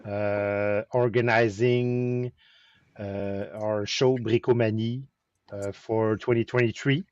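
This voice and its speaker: A man's voice: lowish voice, slow, dry recording, lo-fi sound. French Canadian man telling a story. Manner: animated storytelling with repeated restarts. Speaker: host of a weekly chat stream. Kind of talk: casual chat.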